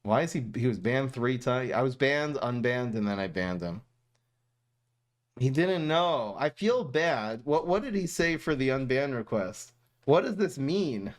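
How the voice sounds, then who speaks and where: A young man streaming and casually reviewing viewer messages, talking in a chatty, animated way with frequent laughs and restarts. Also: medium pitch, unhurried.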